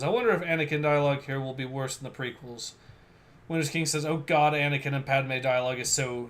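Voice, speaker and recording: A man's voice: medium pitch, fairly bright tone. A young man hosting a livestream in a casual way, reading viewer comments aloud with fillers. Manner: laid-back, reads viewer comments aloud with fillers and laughs. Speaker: livestream host.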